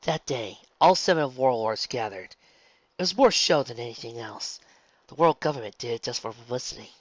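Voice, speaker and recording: A man voicing a remorseful, regal female pony princess, speaking in a soft, measured way. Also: mid-range voice, expressive, no echo, natural voice. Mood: solemn. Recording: dull lo-fi, dry.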